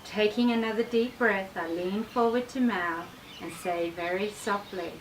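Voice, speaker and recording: A woman, an author reading her travel memoir aloud in a measured, expressive way. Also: medium pitch. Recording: distant mic with faint background noise.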